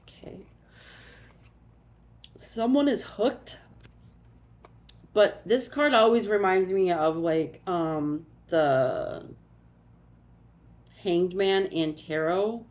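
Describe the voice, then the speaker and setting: A woman's voice: fairly low pitch, drawn-out words, long pauses, a little mellow. A woman doing a casual oracle card reading, musing aloud and thinking as she goes.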